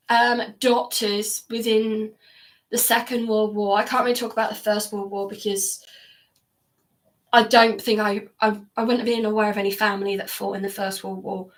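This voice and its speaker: A woman vlogging from upstairs at home, speaking in a reflective, halting way with many fillers. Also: medium pitch, flat delivery, fairly bright tone, recorded from a distance. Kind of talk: personal reflective monologue.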